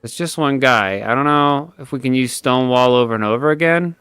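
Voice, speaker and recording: A man's voice: medium pitch, brisk, a bit bright, clear, resonant tone, dry recording, clean studio sound, soft background music. A man playing a strategy game on stream, thinking aloud as he plans his moves. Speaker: player and co-host. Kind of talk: casual gameplay commentary.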